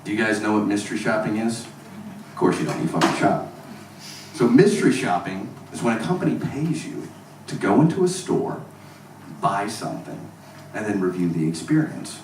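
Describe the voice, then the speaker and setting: A stand-up comedian from Mississippi working a club crowd with crude, profane jokes and deadpan asides. His voice sits at a middle pitch and comes through roomy and distant, with steady noise behind it. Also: normal speed. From Mississippi, USA. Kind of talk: stand-up routine. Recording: echoey club recorded from far off.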